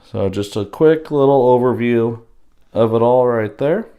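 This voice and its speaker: A man with a slightly hoarse voice gives a casual, halting unboxing walkthrough, pausing often with fillers. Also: mid-range voice, mellow, dull audio. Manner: unhurried, halting, with many pauses and fillers. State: slightly hoarse from losing his voice. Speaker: board game unboxing host.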